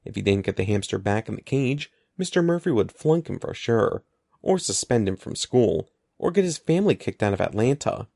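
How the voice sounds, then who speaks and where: A man narrating an audiobook in an expressive, lively storytelling manner. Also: lowish voice, normal speed, gravelly, no echo, studio quality. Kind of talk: scripted narration.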